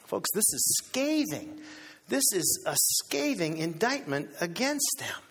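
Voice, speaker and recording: Animated preacher in a reverberant hall. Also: male voice, slow, a little hiss or hum. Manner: animated, acts out quoted voices with big pitch swings. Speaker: pastor. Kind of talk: sermon.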